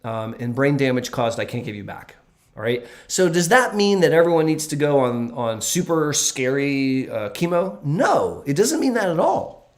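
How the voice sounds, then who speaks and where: A man speaking as a doctor during a relaxed livestream Q&A. He answers viewers in an earnest, emphatic way, leaning hard on the points that matter. His talk is loose and unscripted, full of ums and small restarts. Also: a little high, moderate pace. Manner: earnest and emphatic, with frequent fillers. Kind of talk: casual livestream Q&A.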